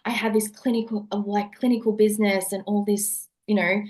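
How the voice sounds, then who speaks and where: A woman who is a neuropsychologist and coach speaks as a guest in a podcast conversation, earnestly repeating phrases for emphasis. Her medium-pitched voice is a little mellow, fairly quick, and shows little pitch movement.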